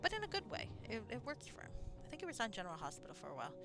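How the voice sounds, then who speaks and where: A woman's voice: on the high side, huge pitch swings, very fast, over loud music. A woman streaming a video game, talking in a rambling, chatty way, swearing casually and laughing often. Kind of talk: casual rambling commentary while playing.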